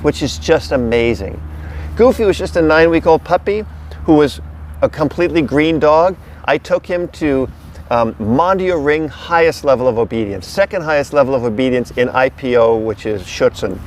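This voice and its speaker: A man's voice: on the high side, slight background noise. A middle-aged man, a dog trainer, talking casually to a camera someone else holds outdoors, with an emphatic, repetitive coaching delivery. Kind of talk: casual instructional talk to camera. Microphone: camera held by another person.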